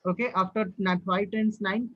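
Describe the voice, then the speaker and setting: A high-voiced man leads a live online class and keeps checking with his students. His questions come again and again as he repeats himself. The sound is dull and dry, like a video call. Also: fairly even intonation, normal speed, dry recording. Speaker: instructor.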